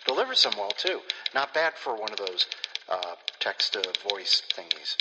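A man's voice: fairly low pitch, sing-song, moderate pace, dull audio, very noisy. Rambling male podcast host in a reverberant space. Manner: playful, rambling and self-mocking. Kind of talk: casual rambling chat.

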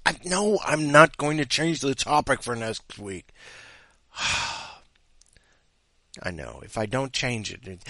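A man's voice: on the low side, expressive, takes it slowly, bright, forceful tone, dry recording. A man hosting a comedic podcast, rambling and self-mocking as he reads listener stories. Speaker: podcast host. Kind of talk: comedic podcast chat and story reading.

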